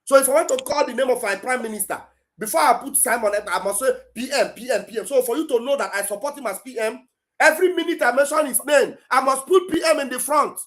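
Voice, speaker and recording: A man's voice: very high voice, fast, fairly bright tone. A man with a Nigerian accent, a pastor hosting a live online talk show, ranting angrily and hurling curses at critics.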